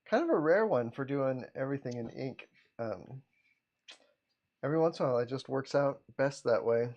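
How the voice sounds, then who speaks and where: In a muffled recording, a comic artist and livestream host talks with viewers in a laid-back way, calling out their names and chuckling frequently. His voice is mid-range and moderately paced.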